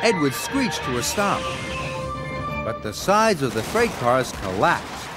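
An American man narrating a children's story in an expressive storyteller manner. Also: medium pitch, takes it slowly, over loud music.

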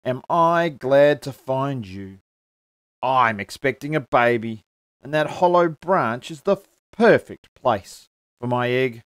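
A man's voice: mid-range voice, expressive, slow, smooth, dry recording. A man reading a children's story aloud, voicing a chatty mother galah bird who is expecting an egg. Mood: glad.

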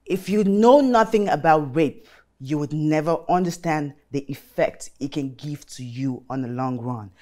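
A woman hosting a casual talk show, animated and emotional, speaking dramatically. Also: lowish voice. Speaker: host.

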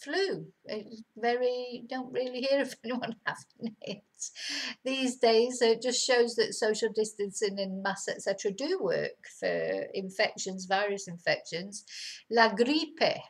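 A middle-aged woman teaching vocabulary in a casual lesson, chatty and slowing down to repeat words clearly. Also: on the high side, low-quality recording. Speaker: language teacher. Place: home in Spain.

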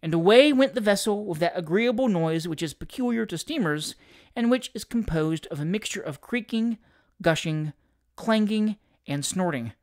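An audiobook narrator reading a classic comic story in a theatrical, expressive way. The pitch moves a great deal from phrase to phrase, at an even middle height. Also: normal speed.

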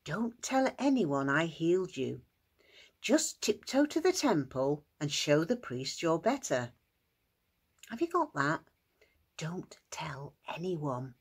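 A woman voicing a kind, gentle Jesus who speaks softly and hushed. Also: fairly low pitch, sing-song, slow pace, husky, exaggerated voice. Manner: soft, hushed, tender.

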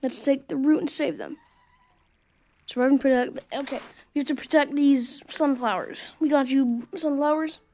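A high, bright-pitched woman chats through a mobile game as she plays it. Her running commentary is casual and talkative, and she breaks off into little muttered asides. She speaks straight to her viewers and sounds like she is on a phone's built-in mic. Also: steady tone, moderate pace. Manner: chatty, talks to viewers while playing, muttering asides. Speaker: gameplay commentator. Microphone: phone screen recording mic.

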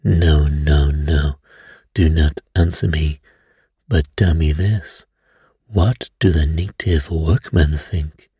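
A man voicing a calm, fastidious older detective who questions softly and placidly. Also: very deep voice, husky, no room sound, studio quality, full character voice. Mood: calm probing.

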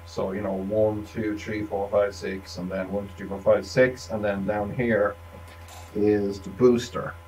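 Male, relaxed self-talking tinkerer, low-ish, recorded from a distance with faint background noise. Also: unhurried. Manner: rambling, self-talking, wry asides. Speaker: electronics tinkerer demonstrating. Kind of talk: casual thinking-aloud workbench demo.

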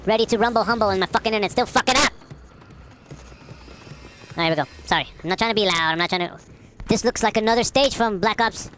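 A woman giving loud, casual commentary over her own gameplay, swearing often and laughing at her own deaths. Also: mid-range voice, quick pace, long pauses, a little hiss or hum. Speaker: gamer, channel host. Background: game gunfire and explosions.

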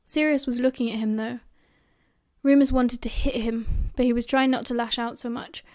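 A woman with a British accent reading a fan audiobook in steady storytelling narration. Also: on the high side, moderate pace.

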